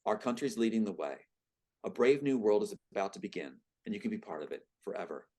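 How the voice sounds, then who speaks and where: A man reading the lines of a cold, scheming male government agent from a screenplay, calm and menacing. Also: on the low side, fairly quick.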